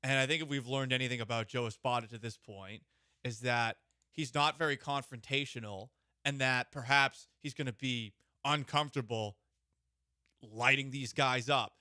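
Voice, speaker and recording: A man co-hosting sports talk radio who puts measured, probing questions to his partner. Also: medium pitch, fairly even intonation, sharp tone, smooth, dry recording, clean studio sound.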